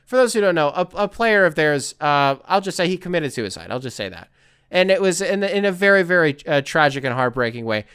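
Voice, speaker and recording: Laughing, riffing man, smooth and dry. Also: a little high, expressive, brisk, fairly bright tone, no room sound. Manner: laughs often, riffs and swears while reading. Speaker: podcast host. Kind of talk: casual sports podcast, reading listener email.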